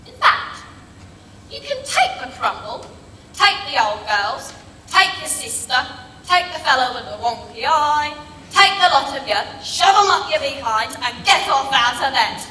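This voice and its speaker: Her voice sits high and sharp, with lively intonation at a moderate pace. The sound is noisy and echoey, caught by a far-off mic in a large hall where she plays a cheeky, rude London grandmother in a comedy sketch, nagging, repeating herself, gossiping and insulting people bluntly.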